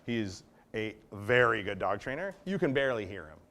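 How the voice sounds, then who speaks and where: A man's voice: on the low side, sing-song, moderate pace, a bit bright. A man, a dog trainer, giving a conversational workshop talk, explaining and often checking in with his listeners. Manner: acts out commands in varied tones. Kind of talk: workshop lecture.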